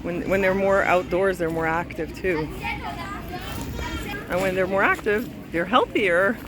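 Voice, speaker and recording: Holding her phone as she strolls a city park, a woman from Canada records a casual travel vlog, full of gushing exclamations. Her voice is on the low side and a little slow, and outdoor park sounds can be heard behind her.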